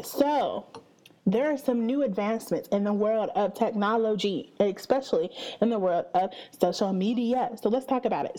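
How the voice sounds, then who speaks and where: Mellow-voiced chatty woman in her twenties. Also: medium pitch, rough recording. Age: 20s. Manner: chatty, upbeat, with frequent fillers and slow stretched greetings. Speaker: podcast host. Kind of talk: casual solo podcast chat.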